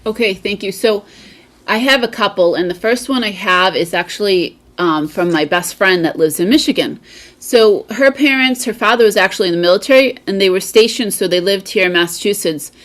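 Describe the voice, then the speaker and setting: Brief: woman, chatty storyteller, mid pitch, video call. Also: brisk, fairly bright tone. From United States. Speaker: guest speaker. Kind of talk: casual anecdote.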